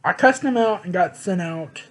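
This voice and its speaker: High-voiced young man, blunt and candid. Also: lively intonation, moderate pace, a bit bright, poor audio. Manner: blunt, profane, emphatic. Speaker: vlogger. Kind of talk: candid personal storytelling.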